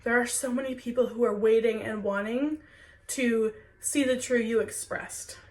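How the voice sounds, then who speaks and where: Recorded from a distance, a young woman with a cold talks to her viewers in a spiritual Q&A vlog. Her slightly high voice keeps a steady tone at normal speed, and as a spiritual content creator she comes across earnest, heartfelt, and chatty, full of "like"s.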